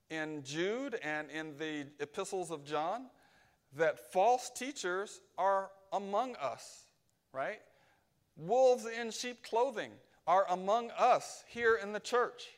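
Casting: high-pitched male preacher, emphatic sermon delivery. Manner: emphatic, keeps asking "right?".

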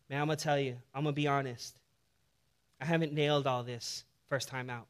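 A male pastor preaching a sermon in a casual, animated way, mixing humor with scripture. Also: mid-range voice, brisk, clear, resonant tone.

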